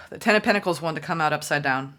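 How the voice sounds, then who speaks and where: Bright, excitable woman tarot reader. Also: low voice, fairly quick. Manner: excitable, gushing, repeats phrases for emphasis. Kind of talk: solo tarot reading to camera.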